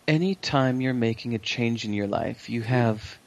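A man speaking as an interview guest, relaxed and reflective, often pausing to think mid-sentence. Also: medium pitch, vocal fry. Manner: relaxed, reflective, many fillers and restarts. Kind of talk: conversational interview.

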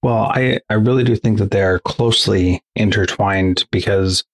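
Male host, deep and breathy, reflective, restarts sentences as he thinks. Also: moderate pace. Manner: thoughtful, restarts his sentences. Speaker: podcast host. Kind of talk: casual interview conversation.

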